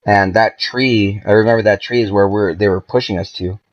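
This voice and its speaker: A man's voice: lowish voice, fairly even intonation, brisk. A man on a podcast as a guest, telling a long story in a casual, profane, rambling way. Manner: profane, laid-back, rambling with many "like"s. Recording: dull lo-fi podcast audio.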